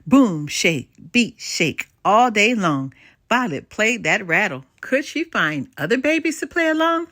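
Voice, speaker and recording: An older woman storyteller reading a bedtime story aloud, her pitch rising and falling a lot. The recording is close and dry, with no room around her. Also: measured pace, no room sound. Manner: expressive, lilting.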